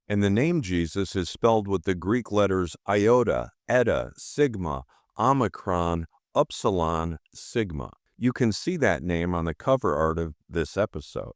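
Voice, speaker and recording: A man's voice: deep voice, sing-song, unhurried, dry recording, studio quality. A man hosting a podcast, delivering scripted narration in an emphatic, rhetorical way. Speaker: podcast host.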